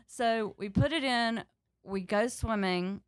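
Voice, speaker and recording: A young woman talking as a podcast guest, telling a story in a casual, animated way and acting out the voices of the people in it. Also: a little high, slow, no room sound, studio quality.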